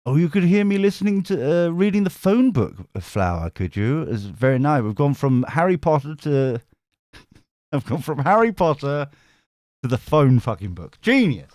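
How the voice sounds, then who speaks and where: A man with a somewhat high, expressive voice and a darkish tone talks at a normal speed, recorded clean in a studio with no room sound. He's a tarot reader streamer chatting casually with his live viewers, being cheeky, swearing, laughing often, and reading the chat aloud.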